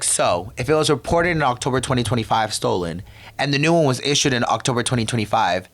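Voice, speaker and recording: A man's voice: medium pitch, fairly bright tone. A young man from the DC area hosting a podcast, telling a story in a sassy, profane, tangent-prone rant. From DMV area, US. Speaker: podcast host.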